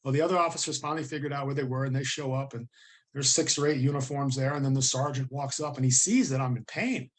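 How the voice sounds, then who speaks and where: A man's voice: mid-range voice, fast talker. A middle-aged American man, a guest on an interview show, telling his story earnestly and vividly, acting out the voices of people he quotes. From United States.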